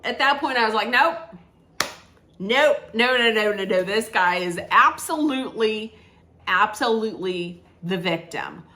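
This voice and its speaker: A woman's voice: mid-range voice, bright, forceful tone, slight background noise. A woman giving a casual spoken film review, rambling with many restarts and acting out quoted lines.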